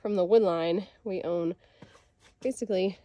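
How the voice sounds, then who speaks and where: A woman's voice: lowish voice, a little slow, warm tone. A woman chatting casually on a homestead vlog, slightly out of breath, recorded outdoors on a handheld camera. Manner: chatty, bubbly, laughs easily. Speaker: homesteading vlogger. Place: outdoors on a farm, by a chicken coop.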